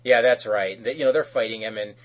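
A man co-hosting a podcast, recapping an episode in casual chat, animated and loose, often laughing and acting out characters' lines. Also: fairly low pitch, fairly quick, poor audio. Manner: loose, with frequent fillers and restarts. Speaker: podcast co-host.

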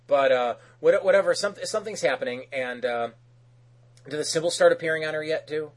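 A man co-hosting a podcast, recapping an episode in casual chat, animated and loose, often laughing and acting out characters' lines. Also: a little high, brisk, low-quality recording. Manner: loose, with frequent fillers and restarts. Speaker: podcast co-host.

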